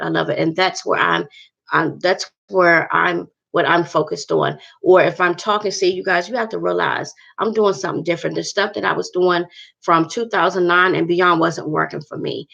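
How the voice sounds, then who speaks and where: A woman's voice: fairly low pitch, gravelly, fairly bright tone, lo-fi sound. A woman vlogger talking earnestly to her viewers about faith, rambling and repeating herself.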